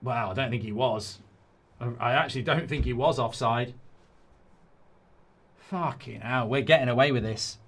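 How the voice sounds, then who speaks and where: A football watchalong host reacts live with frustration, swearing and ranting at the match while reading viewers' comments aloud. He talks at a moderate pace with long pauses, his medium-pitched voice fairly bright with a breathy edge.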